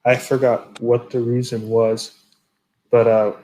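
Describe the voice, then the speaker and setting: A man's voice: medium pitch, level tone, slow, a little mellow, poor audio. A young man telling dream stories in a rambling, profane casual chat.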